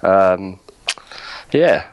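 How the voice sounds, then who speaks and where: A man chatting casually as a podcast co-host, laid-back and meandering with many pauses. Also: low-pitched, sing-song, no echo, highs cut off. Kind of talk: casual chat.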